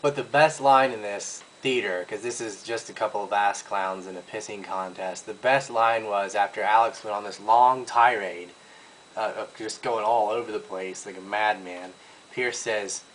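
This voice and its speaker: A man's voice: lowish voice, steady tone, normal speed, fairly bright tone, a little hiss or hum, poor audio. A man giving a blunt, scornful commentary, mocking his target with crude insults. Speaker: video commentator.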